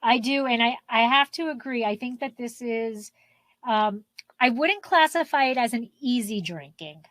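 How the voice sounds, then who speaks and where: A woman co-hosting a podcast, unhurried and thoughtful, with fillers like "um". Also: fairly high pitch, animated, a bit bright, no room sound. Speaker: podcast co-host. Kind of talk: casual podcast chat.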